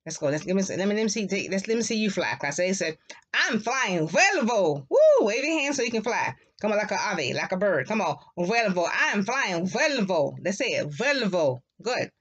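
A woman teaching a Spanish class to young children, repeating words slowly in a sing-song way for them to echo. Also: medium pitch, big pitch swings, slightly rough. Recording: dull lo-fi classroom recording.

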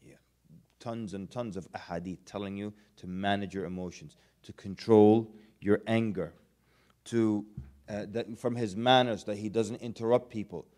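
A man delivering a relaxed, humorous religious lecture to students, chatting conversationally and acting out little everyday scenes. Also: fairly low pitch, normal speed. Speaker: Islamic lecturer.

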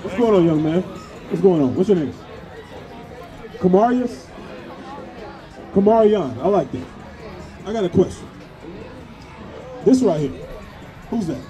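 A man with a very high voice preaches on a crowded parade route, firing question after question at passers-by. Loud music and a chattering crowd fill the background of this outdoor recording. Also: lively intonation, unhurried, long pauses. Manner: pressing, repeatedly asks questions, sometimes shouts. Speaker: street preacher. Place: outdoors at a busy street parade.

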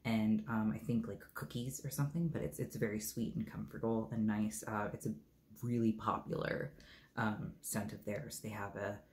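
A man's voice: fairly low pitch, little pitch movement, normal speed, a little mellow, slight background noise. A man casually reviewing his favorite bath products, rambling with many ums and uhs and tossing in joking asides. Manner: laid-back, joking asides.

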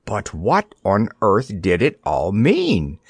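A man narrating an audiobook in an expressive storytelling manner, on a close studio mic. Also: lowish voice, slow, husky, no room sound.

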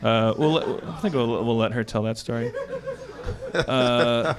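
A man's voice: medium pitch, unhurried, crowd noise. A man hosting a comedy podcast in casual chat, rambling with many stammered restarts. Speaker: podcast host.

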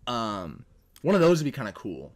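A man's voice: mid-range voice, wildly swooping pitch, normal speed, a little hiss or hum. Profane, rambling young man. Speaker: co-host. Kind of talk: casual podcast chat.

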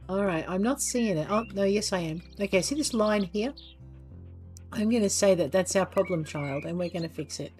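A woman's voice: mid-range voice, moderate pace, a little mellow, soft background music. A woman commentating her game play from home in a casual, chatty way, stopping now and then to talk fondly to her dog. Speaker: gaming channel host. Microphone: desk microphone.

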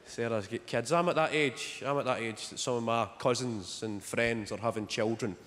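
Sardonic comic in a hall. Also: male voice, medium pitch, moderate pace. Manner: dry, sardonic storytelling. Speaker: stand-up comedian. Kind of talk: stand-up comedy set. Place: theatre stage before a live audience. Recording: large hall with loud audience laughter.

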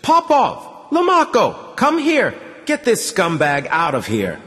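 A man's voice: high-pitched, animated, normal speed, long reverb tail, voice pushed up. A man doing a bellowing, irate border guard. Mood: angry shouting. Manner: shouting, abusive. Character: irate male border guard, bullying and loud.

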